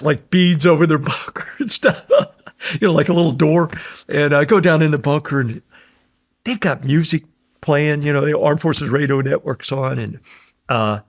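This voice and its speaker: Older american guy with a gravelly voice, rambling through war stories, keeps chuckling and doing the other guys' voices. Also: a little high. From United States. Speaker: guest, war veteran. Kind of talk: casual storytelling.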